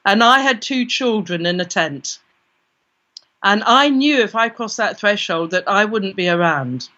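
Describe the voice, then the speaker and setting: Bright-voiced British woman telling a story. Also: medium pitch, lively intonation, measured pace. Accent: British English. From Britain. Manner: vivid first-person storytelling with quoted inner voices. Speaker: guest, parapsychologist. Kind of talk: storytelling in an interview. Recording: dull lo-fi recording.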